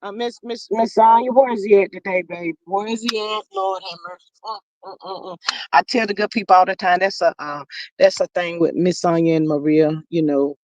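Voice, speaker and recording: A livestream host chatting casually and reading out viewers' comments, folksy and animated, calling people honey and child, with sudden jumps in pitch. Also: brisk, low-quality recording.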